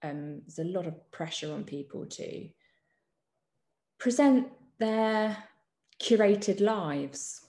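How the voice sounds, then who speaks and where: A woman journalist answering interview questions in a thoughtful way, often pausing with ums and restarting her sentences. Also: medium pitch, lively intonation, warm tone, echoey room. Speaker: journalist guest. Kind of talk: reflective conversational interview.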